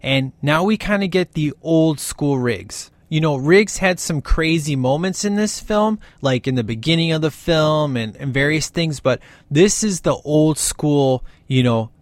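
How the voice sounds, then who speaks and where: A man talking casually and with excitement through a movie's scenes, gushing as he goes and often tagging "man" onto his lines. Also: on the high side, measured pace, few pauses, no room sound. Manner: gushing and animated, keeps saying "man". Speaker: film commentator.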